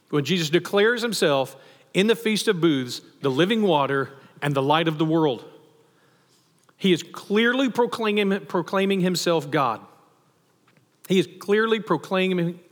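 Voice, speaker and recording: A man preaching a sermon as pastor, animated and asking the congregation questions. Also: on the high side. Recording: long hall reverb.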